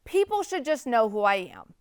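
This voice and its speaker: A woman in her twenties hosting a student TV show, delivering a scripted comedic monologue with deadpan sarcasm. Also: on the high side, normal speed, clear, resonant tone. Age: 20s.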